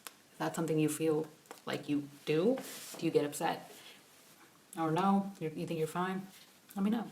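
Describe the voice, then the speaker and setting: Young female YouTuber, casual chat, hushed questions, animated rambling rants. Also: sits low, normal speed, gravelly, a little hiss or hum. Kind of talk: casual vlog chat, taking a quiz.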